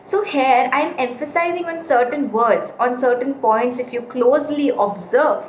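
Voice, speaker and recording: A woman teaches public speaking in a casual, emphatic way, driving home each point with repeated examples. Her voice sits high. The recording is roomy, with a faint hum of ambient noise behind her. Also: moderate pace. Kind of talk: casual spoken lesson.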